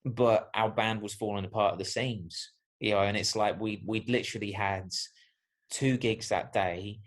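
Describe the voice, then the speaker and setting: Male podcast guest, fairly low voice, thoughtful and meandering. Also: steady tone, moderate pace. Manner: reflective, rambling, many fillers. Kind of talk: casual podcast chat.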